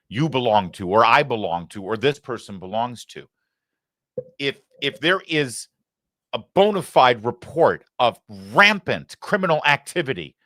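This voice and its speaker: A middle-aged male host delivering political commentary with biting sarcasm and indignation. His pitch swings widely as he presses each point, and the sound is close and dry with no room around it. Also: fairly bright tone, no room sound.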